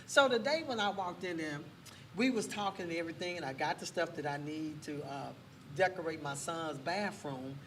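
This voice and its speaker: A woman telling a faith story as a guest on a casual talk show, lively and full of church exclamations. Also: low-pitched, moderate pace. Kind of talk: testimony in a casual chat. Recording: distant mic with faint background noise.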